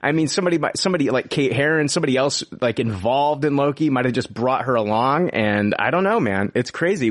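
A man hosting a casual podcast chat, animated and joking, laughing often and swearing casually. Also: mid-range voice, no echo, clean studio sound. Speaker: podcast host.

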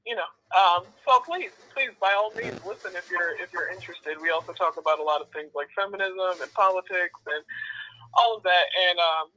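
A woman in her thirties, a podcast guest chatting casually with wry, deadpan humor. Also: on the low side, fairly quick, poor audio. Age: 30s. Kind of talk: casual chat.

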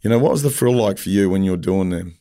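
Deep-voiced man telling stories. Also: fast talker, dark tone. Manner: blunt, storytelling, swears casually. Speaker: podcast host. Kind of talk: casual interview chat.

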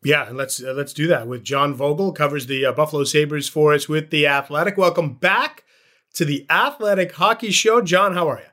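A man's voice: on the high side, normal speed, bright, forceful tone. A man hosting a sports podcast, chatting casually and telling a story with animation. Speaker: podcast host.

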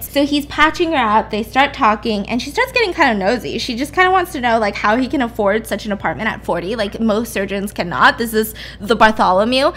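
A woman's voice: on the high side, animated, fast talker, few pauses, a bit bright. A woman casually retelling a story, rambling and chatty, acting out the characters' lines with swearing. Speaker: podcast host.

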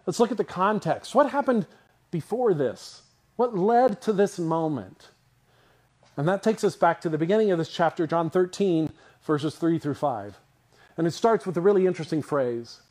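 A man's voice: fairly high pitch, normal speed. A man preaching a sermon in a conversational style, asking his listeners questions and picturing scenes for them. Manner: conversational, animated, asks the audience questions. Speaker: pastor.

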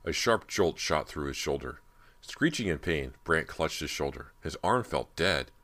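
A male audiobook narrator with an extremely low, deep voice. He reads a spooky young-adult novel in a steady, measured way. The delivery is calm and even throughout. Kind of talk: scripted narration.

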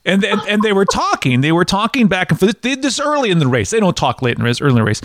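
A man's voice: high voice, very animated, racing, a bit bright, no echo, clean studio sound. A man in his forties hosting a podcast interview, chatting casually and telling playful, joking stories. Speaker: podcast host.

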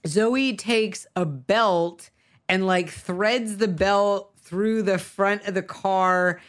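Smooth-voiced woman, chatty and sarcastic. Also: medium pitch, very slow. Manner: chatty, sarcastic, many restarts. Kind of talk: casual film discussion.

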